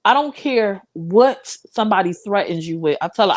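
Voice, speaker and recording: A woman's voice: medium pitch, expressive, moderate pace, hardly any pauses. A young woman hosts a live stream and talks straight to her viewers. She sounds impassioned and a little preachy, in casual commentary.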